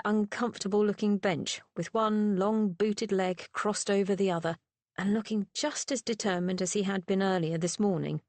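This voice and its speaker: An expressive woman reads an audiobook with a middle-pitched voice. Her narration is lively and clear, and it sounds close and dry with no room at all. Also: dry recording. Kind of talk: scripted narration.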